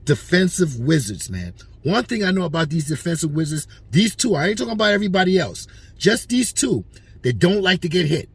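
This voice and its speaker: A man hosting a boxing talk show launches into an animated opinion rant, swearing heavily, speaking with emphasis, and addressing the fighter directly. His voice sits high with a breathy edge, very animated and a little fast, on a dry recording.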